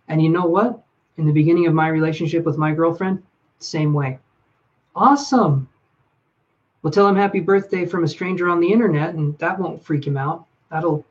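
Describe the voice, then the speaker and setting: Higher-voiced man giving live advice. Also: brisk, muffled recording. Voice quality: reflective, speaks straight to viewers by name. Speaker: livestream reader and relationship advisor. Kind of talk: live-stream advice chat.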